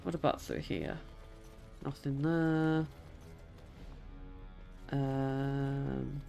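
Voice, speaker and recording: A streamer narrating a game as they play, chatty and exasperated, swearing freely. The talk is slow and unhurried, with faint game music underneath. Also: medium pitch, level tone, vocal fry, dark tone. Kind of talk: live game stream commentary.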